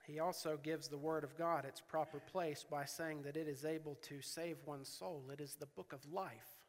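A man's voice: a little high, fairly even intonation, normal speed, in a large hall. A man preaching a sermon, reading scripture aloud with earnest, rising emphasis.

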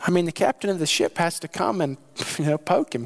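Man, sermon delivery, animated and lively, slightly higher voice, voices the sailors with big jumps in pitch. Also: fairly quick, vocal fry. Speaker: pastor.

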